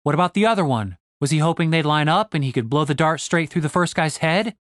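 A man reading a fantasy novel aloud in a steady storytelling voice. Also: fairly high pitch, fast, no echo, clean studio sound. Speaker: audiobook narrator. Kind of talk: scripted fantasy narration.

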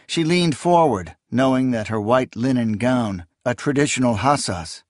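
A man giving scripted audiobook narration in a measured, even storytelling manner. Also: fairly low pitch, no echo, clean studio sound.

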